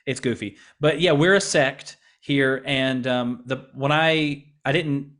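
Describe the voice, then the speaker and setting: Man, American accent, pastor, earnest, conversational, restarts often, mid-pitched voice. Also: fairly even intonation, slow pace, fairly bright tone. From United States. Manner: earnest, frequent restarts and repeated words. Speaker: pastor and missionary in France. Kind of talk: conversational interview answers.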